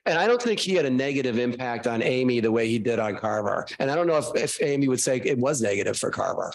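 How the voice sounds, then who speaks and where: A man, a guest author, telling animated, self-mocking stories casually to a class. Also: mid-range voice, fast talker, gravelly.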